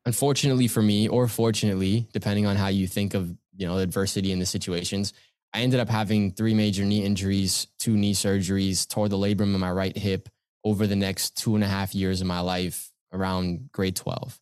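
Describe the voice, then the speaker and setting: A young man from Canada, a guest speaker, recounting personal experiences in an earnest, measured way. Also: sits low, little pitch movement, darkish tone, smooth, no room sound, studio quality. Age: young adult. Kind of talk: reflective storytelling in conversation.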